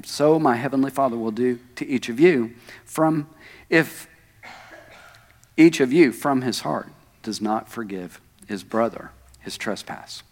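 A male pastor preaching a sermon in a church, talking conversationally with asides to the congregation. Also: medium pitch. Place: church sanctuary. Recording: echoey church hall.

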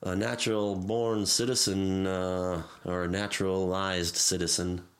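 A man's voice: sits low, little pitch movement, a little slow, a little hiss or hum. A man co-hosting a sports talk show, jokey and playful in his banter. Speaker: sports podcast co-host.

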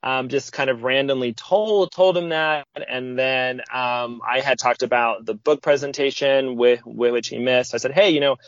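A man of medium pitch tells a personal story in casual conversation. He acts out the lines people said, jumping up in pitch for them. The audio is dull and lo-fi, with a dry, close sound and no room echo. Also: normal speed, few pauses. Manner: lively, acts out quoted speech with sudden pitch jumps. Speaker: podcast guest.

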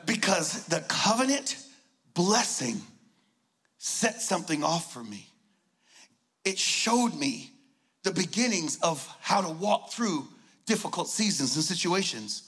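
A man preaching a lively sermon as a guest speaker, joking and shouting his points. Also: high-pitched, slow pace, pauses often. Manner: excitable, joking, shouts for emphasis.

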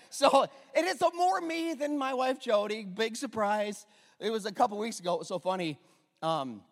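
A middle-aged male pastor preaching in a church, with a high, lively voice that leaps around his register. He jokes with the congregation and swings from loud bursts to near-hushed asides. His voice rings out with a long echo through the large hall. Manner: animated, joking, swings between loud and hushed. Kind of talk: sermon.

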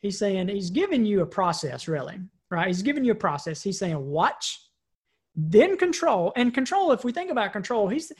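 A woman's voice: mid-range voice, sing-song, a little fast, few pauses, a little mellow, slightly rough. A woman giving a recorded training talk in a casual, conversational way, often adding "right?" and restarting her words. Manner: conversational, frequent "right?" tag questions; repeats and restarts words while thinking. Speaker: personal development trainer.

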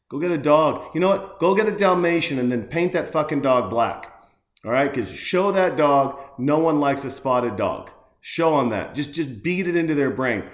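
A man's voice: mid-range voice, reverberant. A man riffing on a movie in profane comedic commentary, ranting with crude outbursts. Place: home room with a dog running around.

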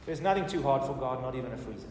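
A man's voice: mid-range voice, rapid-fire, a little hiss or hum. Pastor man preaching in an echoey hall. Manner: animated storytelling, rising and falling in volume. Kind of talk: sermon testimony. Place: church hall. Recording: roomy hall reverb, distant mic.

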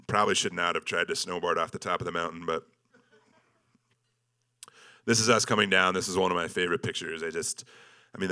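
A man's voice: deep voice, pushed and bright. A man giving a casual, joking slideshow talk about an expedition, self-deprecating and full of ums and likes. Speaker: speaker presenting an expedition slideshow.

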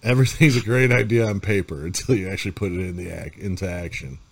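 A man's voice: low voice, quick pace, creaky, husky. A man hosting a casual podcast with friends, laid-back and joking as he runs the show. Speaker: podcast host.

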